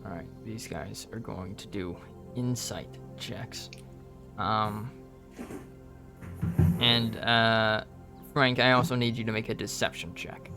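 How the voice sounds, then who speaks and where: A man running a tabletop game as game master, narrating in an easygoing, halting way with many fillers. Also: on the low side, steady tone, vocal fry, over music.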